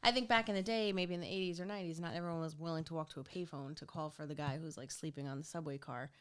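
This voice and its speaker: A woman co-hosting a casual chat, easygoing and quick to laugh along. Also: low voice, fairly even intonation, clean tone.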